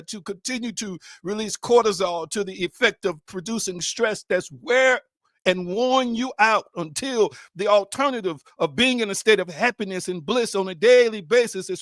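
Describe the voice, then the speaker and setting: A man preaching a sermon, hammering the same rhetorical questions over and over and now and then rising to a shout. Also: sits high, no room sound, studio quality.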